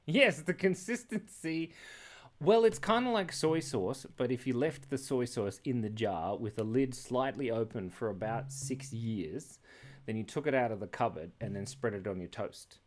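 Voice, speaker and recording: A man's voice: mid-range voice, lively intonation, moderate pace. A man hosting a live drawing stream, chatting casually and playfully while he sketches. He rambles, jokes with the chat and laughs often.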